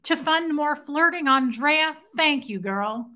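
A woman's voice: high-pitched, expressive, slow, sharp tone. A woman hosting a casual livestream from home, animatedly retelling a story and thanking viewers by name. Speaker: livestream host. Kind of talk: casual live-chat storytelling.

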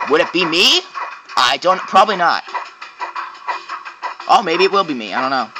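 A man giving goofy, excitable, rambling commentary while playing a game and joking to himself. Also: on the high side, normal speed, long pauses, faint music behind. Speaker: game reviewer. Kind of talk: casual gameplay commentary.

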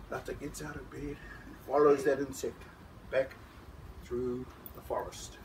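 A man telling a story to schoolchildren, dramatic, shifting from whispers to loud calls. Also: medium pitch, normal speed. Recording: distant mic with background noise.

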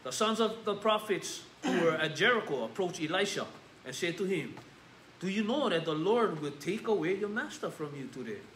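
Male pastor, Hawaiian Pidgin lilt, laid-back sermon, higher voice, echoey church room. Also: expressive, normal speed, fairly bright tone, a little hiss or hum. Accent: Hawaiian Pidgin-tinged English. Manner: casual, peppered with "yeah?" and "bro". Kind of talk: informal sermon with scripture reading. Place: church sanctuary.

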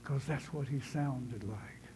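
A man's voice: medium pitch, takes it slowly, warm tone, slight background noise, poor audio. A man preaching a sermon in a church. He tells his story conversationally and builds to fervent, emphatic preaching. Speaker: pastor. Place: church sanctuary.

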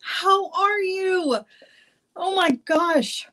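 A woman's voice: extremely high pitch, fairly even intonation, very slow, a bit bright. A woman in her forties hosting a jewelry-making livestream from her home office, chatty and bubbly, laughing often as she rambles. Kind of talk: chatty live-stream talk.

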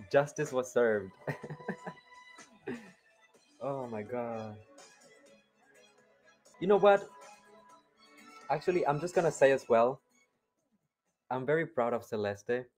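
A man talks through a pageant reaction, animated and rambling. He says "you know" a lot. His voice sits mid-range for a man. Soft music plays underneath. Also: medium pitch. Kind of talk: excited reaction commentary.

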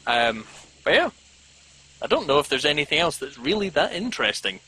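A man's voice: a little high, very animated, fairly quick, sharp tone, breathy edge, rough recording. A man chatting casually as a guest, rambling with lots of "um"s and self-mocking jokes. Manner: rambling, frequent ums, self-mocking humor. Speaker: podcast guest. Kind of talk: casual video-call chat.

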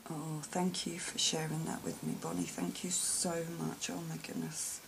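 Constant background hiss sits under this noisy home-vlog recording of a woman unboxing gifts. She talks slowly in a low, gravelly voice, gushing in breathy exclamations and soft whispers during the casual show-and-tell.

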